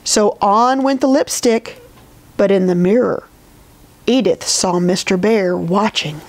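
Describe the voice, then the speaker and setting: A woman librarian reading a picture book aloud in a gentle, expressive storytelling manner. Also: mid-range voice, slow, slight background noise.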